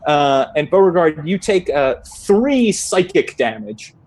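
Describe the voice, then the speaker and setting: Serving as dungeon master for a tabletop game, this man narrates loosely and haltingly with many fillers and laughs. His voice is on the high side.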